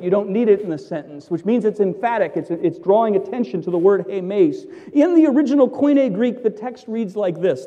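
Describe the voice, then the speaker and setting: Theatrical preacher with a lively voice. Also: male voice, sits high, big-room sound. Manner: emphatic, theatrical, swings from loud to hushed. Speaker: pastor. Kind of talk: sermon.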